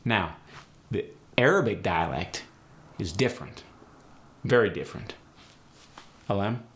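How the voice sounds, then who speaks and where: A man hosting a tutorial as an accent coach, explaining sounds in a brisk, direct way. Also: fairly low pitch, animated, a bit bright. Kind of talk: instructional tutorial.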